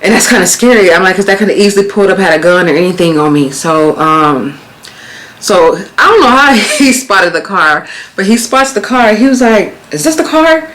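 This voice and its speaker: American lady in her 30s vlogging, chatty storytelling, gets loud and heated, cusses. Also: medium pitch, moderate pace, rough recording. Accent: American, Las Vegas. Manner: animated, swearing, rising to exclaim in quoted retellings. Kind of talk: casual storytelling.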